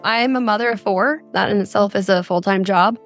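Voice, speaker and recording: A woman's voice: medium pitch, brisk, faint music behind. Earnest mother telling her story. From Arizona. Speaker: guest. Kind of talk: podcast interview, recounting her experience.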